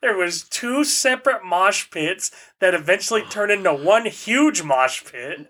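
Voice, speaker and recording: A young man co-hosting a podcast in casual chat, animated and profane, laughing often. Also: high voice, unhurried. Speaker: podcast co-host.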